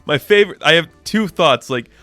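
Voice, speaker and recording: A man's voice: on the high side, animated, normal speed, bright, forceful tone, no room sound, soft background music. A man giving a casual, enthusiastic spoken review of a comic book, full of "like" fillers. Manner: chatty, enthusiastic, frequent "like" fillers.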